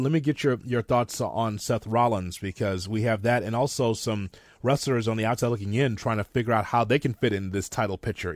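A man's voice: mid-range voice, dry recording, studio quality. A man co-hosting a wrestling podcast, giving emphatic, opinionated takes in casual chat. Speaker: podcast co-host.

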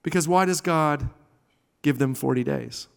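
A male pastor delivers a sermon with a fairly high voice. He swings dramatically between loud exclamations and hushed, quiet passages. The sound carries the long reverb of a large hall. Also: measured pace, creaky.

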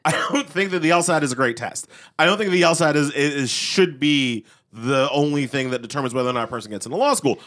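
A man's voice: a little high, fast, fairly bright tone. A man co-hosting a legal podcast, making his case in a chatty, argumentative way, often tagging "right?" onto his points. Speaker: podcast co-host. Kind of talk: casual podcast debate.

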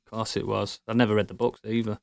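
A man co-hosting a casual gaming podcast, excitable and jokey, laughing often. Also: fairly low pitch, fast, vocal fry, no room sound. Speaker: podcast co-host. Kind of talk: casual chat.

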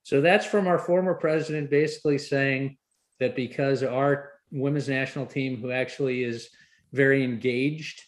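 A man's voice: mid-range voice, steady tone, moderate pace. A man from the United States co-hosting a podcast, giving sardonic, indignant commentary in casual chat. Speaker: podcast co-host.

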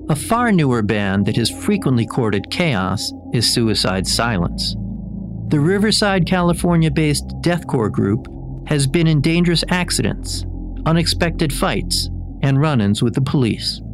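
A man hosting a podcast, reading scripted narration in a measured, deliberate way. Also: medium pitch, very animated. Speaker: podcast host. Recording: music bed underneath.

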